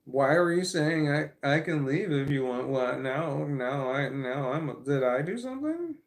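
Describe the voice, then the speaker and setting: A man's voice: a little high, animated, a little slow, gravelly. A man who stammers, chatting candidly on a live stream and reading viewer comments aloud, blunt and earnest, swearing casually. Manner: stammers, with frequent repeated words and restarts.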